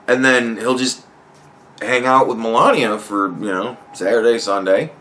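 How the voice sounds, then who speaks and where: A man's voice: mid-range voice, steady tone, moderate pace, fairly bright tone, a little hiss or hum. A man hosting a podcast in a casual, rambling comedic monologue, swearing freely and laughing often. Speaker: podcast host.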